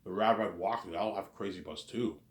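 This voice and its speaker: A man's voice: deep voice, fairly quick. A man rambling in a casual monologue, repeating himself and using many fillers. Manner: repetitive, filler-heavy. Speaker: host. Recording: roomy echo.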